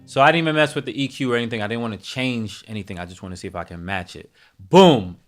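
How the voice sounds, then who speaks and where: A man's voice: mid-range voice, animated, quick pace. A man hosting a live music production tutorial, talking casually to his chat, thinking aloud and correcting himself as he goes.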